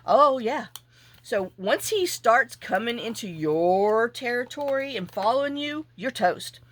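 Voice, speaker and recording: A woman telling a rambling, animated story in a casual vlog while she works on a craft project. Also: a little high, unhurried. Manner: animated, chatty, acts out her own reactions. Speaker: junk journal crafter.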